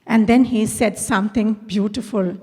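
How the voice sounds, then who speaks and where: A woman's voice: medium pitch, steady tone, moderate pace, mellow, husky. A middle-aged woman from India, a school principal, telling personal stories at a conference talk and acting out the dialogue. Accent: Indian English. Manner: storytelling, acts out quoted dialogue. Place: large conference hall. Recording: long hall reverb.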